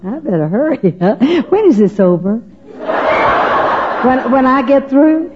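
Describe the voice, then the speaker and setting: An older Texas woman shares her personal faith testimony in a folksy, funny, chatty, emotional way, acting out what other people said. Her voice is high and very animated, a little slow, and the recording is very noisy with the highs cut off.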